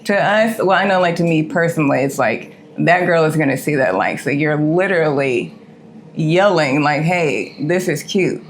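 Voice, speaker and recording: A woman's voice: low-pitched, moderate pace, a little hiss or hum. A woman co-hosting a casual chat show, talking bluntly and candidly in slangy speech. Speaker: co-host.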